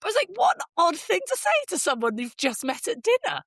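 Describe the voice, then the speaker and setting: A woman in her forties co-hosting a podcast in lively, jokey, self-mocking casual chat. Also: high-pitched, fairly quick, few pauses, dry recording, clean studio sound. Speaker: podcast co-host.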